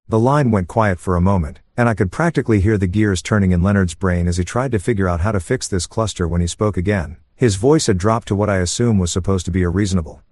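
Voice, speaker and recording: A man narrating a first-person story in a calm, smug, even way, meant for falling asleep. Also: sits low, fast, hardly any pauses, no room sound, studio quality.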